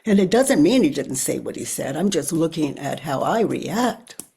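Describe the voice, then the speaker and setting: An older woman talks through a guided self-inquiry in a very husky, breathy voice with a gravelly edge. She moves slowly and reflectively, pausing to think aloud. She often lets her voice sink to a hush. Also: low voice, sing-song. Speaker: spiritual teacher.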